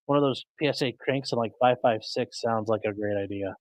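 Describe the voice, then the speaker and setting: Hosting a live stream, a man chats casually and rambles while answering viewers' comments, even fixing his mic settings mid-stream. His medium-pitched voice runs a little fast through a streaming desk mic, with no echo but low recording quality.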